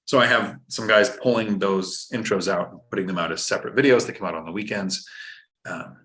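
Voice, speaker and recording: Low-pitched, brisk and fairly bright, this man hosts a finance live stream. His manner is instructive and joking as he breaks things down step by step and reads viewer chat aloud.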